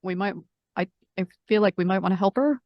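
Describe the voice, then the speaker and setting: A woman playing in a tabletop game, speaking hesitantly with halting restarts. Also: mid-range voice, dry recording, dull audio. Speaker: player. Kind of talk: casual tabletop play.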